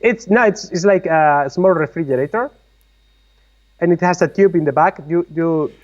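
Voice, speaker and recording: Man explaining tech, higher voice, muffled. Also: normal speed. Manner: explains technical detail patiently. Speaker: co-host. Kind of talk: casual live-stream chat. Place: workshop. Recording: slightly muffled audio.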